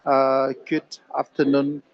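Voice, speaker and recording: A man's voice: mid-range voice, completely flat delivery, takes it slowly. A man giving an earnest, formal practice presentation over a video call. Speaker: workshop participant. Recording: dull dry video-call audio.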